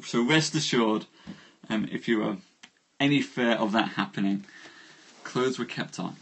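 A man hosting a live storytelling stream, chatting and jokily greeting viewers by name before he reads. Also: mid-range voice. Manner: warm, jokey, greets viewers by name with lively rises. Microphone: phone livestream.

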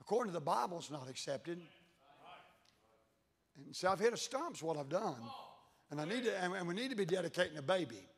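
A pastor preaches in a folksy, emphatic manner, his voice pitched a little high. He drops into low, intense tones to press a point. The sound carries a long reverb from the church hall. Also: animated, fairly quick, pauses often. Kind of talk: sermon. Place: church sanctuary.

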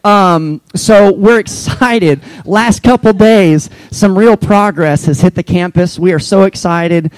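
Male pastor, high voice, teasing and joking, dry close sound. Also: slow pace, hardly any pauses, clear, resonant tone, no echo, rough recording. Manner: playful, teasing. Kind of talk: humorous church announcements.

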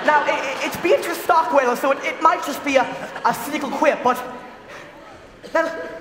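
A young man playing a shy musical fan who talks to the audience in a halting, stammering monologue. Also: extremely high pitch, a bit bright, some chatter behind. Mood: confiding. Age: young adult. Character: shy, rambling male musical fan narrating. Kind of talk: stage monologue. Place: school theatre stage. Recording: echoey theatre hall.

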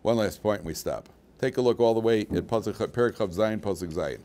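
A man's voice: on the low side, a little fast. An older man, a rabbi, giving an informal Torah class, digressive and full of asides, with a dry, mocking humor. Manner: animated, digressive, with restarts and asides.

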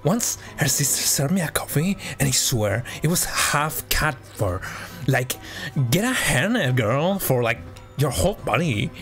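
A man's voice: a little high, big pitch swings, slow pace, gravelly, fairly bright tone, faint music behind, exaggerated voice. A man playing a snobby, catty valley-girl young woman in a game, drawling and mocking. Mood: snooty.

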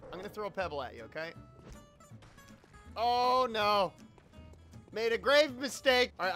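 A man giving excitable, joking let's play commentary, often yelling and swearing at enemies. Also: sits high. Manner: joking, sarcastic asides. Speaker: YouTube gamer.

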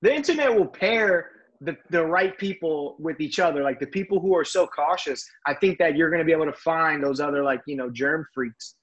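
A man in casual podcast banter, making crude, rapid jokey remarks. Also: fairly high pitch, fairly bright tone, husky, dull audio.

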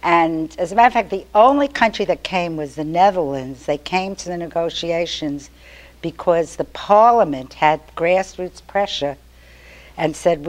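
An older woman giving a chatty, storytelling talk to an activist meeting. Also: low voice. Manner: chatty, storytelling, animated quotes. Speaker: activist speaker.

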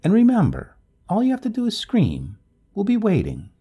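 A man's voice: on the low side, wildly swooping pitch, moderate pace, creaky, mellow, slightly rough, pitched above the performer's own voice, full character voice. A man putting on a fretful gossiping neighbor woman. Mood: pleading. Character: gossipy, anxious middle-aged woman neighbor.

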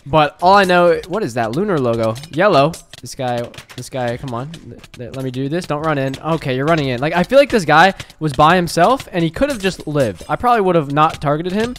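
A young man hosting a gaming video, giving excitable live commentary and raging at other players. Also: a little high, a little hiss or hum. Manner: excitable, quick to rage and yell.

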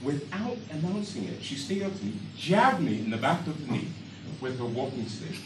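A man telling a comic story on stage with animated, exaggerated delivery. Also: mid-range voice, normal speed. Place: storytelling stage before a live audience. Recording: echoey hall from a far mic, audience noise.

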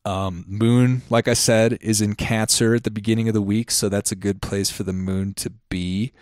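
A man's voice: lowish voice, steady tone, moderate pace, dry recording, clean studio sound. A man hosting a podcast, giving a casual astrology forecast in a loose, chatty way with many ums, and a little out of breath. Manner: loose and chatty, with frequent ums and self-corrections. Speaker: podcast host.

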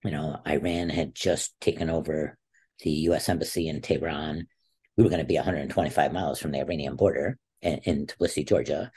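A man's voice: rumbling low, steady tone, a little fast, a little mellow, breathy edge. A man in his sixties, a former wrestler and teacher, telling stories as a podcast guest and acting out the people he quotes. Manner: vivid storyteller who acts out quoted voices. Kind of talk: storytelling interview talk.

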